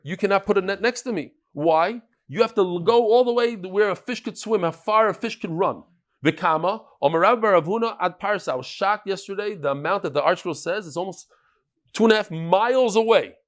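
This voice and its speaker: A man with a somewhat high voice teaches a daily Talmud class. He talks casually and with energy, dropping Hebrew, Aramaic and Yiddish terms into his English and telling jokes and stories. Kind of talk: lively Talmud lesson, casual and animated.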